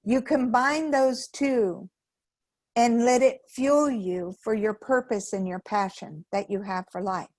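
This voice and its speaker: A woman's voice: on the high side, takes it slowly, a little mellow, dry recording. A woman giving a sermon at a spiritual center in a conversational way, acting out the voices of people she quotes. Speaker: guest speaker at a spiritual center.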